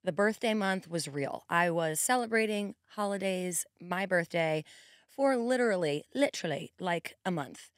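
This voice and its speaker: A hoarse woman in her forties hosting a podcast, chatting casually and rambling with quick asides. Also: on the low side, lively intonation, dry recording, clean studio sound. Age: 40s. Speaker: podcast host. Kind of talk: casual monologue.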